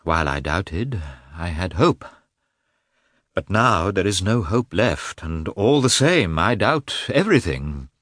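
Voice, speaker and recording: A man's voice: low voice, sing-song, slow pace, fairly bright tone, no room sound, clean studio sound, full character voice. A man reading a cold, formal, wounded middle-aged husband who talks in a clipped way, for an audiobook. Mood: bitter. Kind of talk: audiobook character voice.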